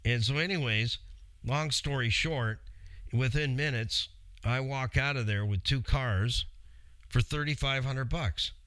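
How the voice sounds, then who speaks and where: A man's voice: medium pitch, measured pace, a bit bright, no room sound. A middle-aged man hosting a show, telling a long story in a rambling, chatty way and speaking straight to his listeners. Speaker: radio show host. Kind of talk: casual storytelling.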